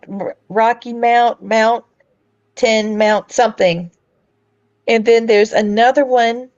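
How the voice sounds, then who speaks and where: A woman in a casual chat, speaking haltingly as she searches for her words. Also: fairly high pitch, a little mellow, no echo. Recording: dull lo-fi audio.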